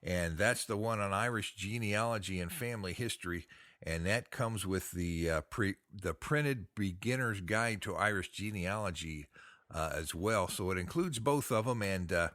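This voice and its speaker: A man's voice: low-pitched, moderate pace, a bit bright, dry recording, studio quality. An American man hosting a podcast, chatting in a folksy, upbeat way. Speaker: podcast host. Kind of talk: casual podcast chat.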